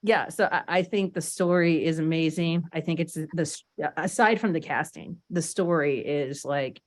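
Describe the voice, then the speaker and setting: A woman co-hosting a film review show, giving her opinions in a chatty, animated way. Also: low-pitched, moderate pace. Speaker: co-host. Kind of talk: casual chat.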